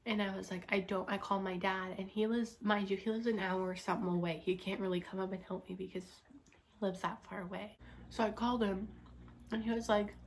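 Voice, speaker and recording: A woman's voice: mid-range voice, fairly even intonation, brisk. A young woman telling a rambling, frustrated story from her school days in a casual chat style, full of "like" and restarts. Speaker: vlogger.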